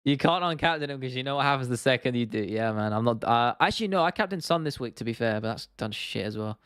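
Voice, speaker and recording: A man's voice: medium pitch, lively intonation, quick pace, a bit bright, smooth, no echo, studio quality. Chatty young man hosting a livestream. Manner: rambling, restarts often, laughs easily. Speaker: livestream host. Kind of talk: casual livestream chat, reading out comments.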